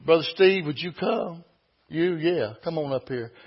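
A man's voice: a little high, animated, measured pace, slightly rough. A man preaching a sermon in church, folksy and emphatic, full of rhetorical questions. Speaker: pastor. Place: church sanctuary. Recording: dull lo-fi recording.

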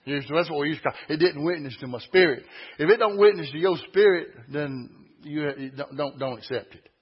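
Folksy preacher, husky voice. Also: male voice, a little high, a little fast, lo-fi sound. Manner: folksy, emphatic, rising to shouting peaks. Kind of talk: sermon.

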